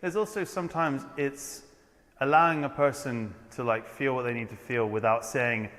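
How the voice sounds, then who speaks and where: A man's voice: mid-range voice, normal speed, fairly bright tone, long reverb tail. A man in a casual podcast conversation, earnest and rambling, often restarting his sentences.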